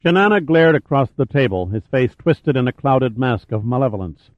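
A man narrating an audiobook in a measured, even reading voice. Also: medium pitch, no room sound. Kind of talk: scripted narration. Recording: tinny phone-like audio.

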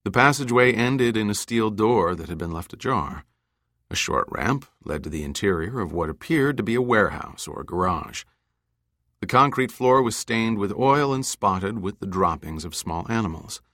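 A man giving scripted audiobook narration, measured and deliberate. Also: on the low side, expressive, a bit bright, no room sound, studio quality.

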